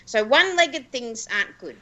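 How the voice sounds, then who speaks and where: Australian woman, radio co-host, wry chatty storytelling, bright tone. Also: on the high side, lively intonation, moderate pace, highs cut off. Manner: chatty, wry, self-deprecating.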